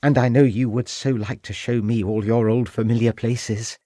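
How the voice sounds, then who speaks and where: A man voicing an eager, affectionate young wife in an audiobook, pleading and excited. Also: mid-range voice, normal speed, dry recording, clean studio sound, close to an everyday voice. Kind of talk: audiobook character voice.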